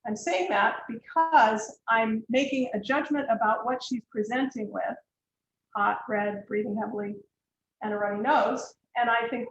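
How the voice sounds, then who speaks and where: A middle-aged woman lecturing students on counseling, explaining clearly and directly with worked examples. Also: on the high side, measured pace, highs cut off. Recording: echoey room, faint background hiss.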